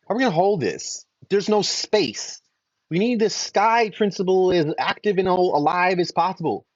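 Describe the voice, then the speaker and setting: Animated, husky-voiced male storyteller. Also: on the high side, no room sound. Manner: animated storyteller, frequent restarts. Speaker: Vedic astrologer guest. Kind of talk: storytelling teaching in conversation. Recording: dull lo-fi dry recording.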